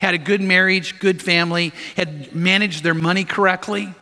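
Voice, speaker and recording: High bright guy preaching, storytelling w/ lots of questions to the crowd, big echoey church. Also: fairly even intonation, moderate pace. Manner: emphatic storytelling with rhetorical questions to the congregation. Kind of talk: sermon. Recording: long reverb of a large hall.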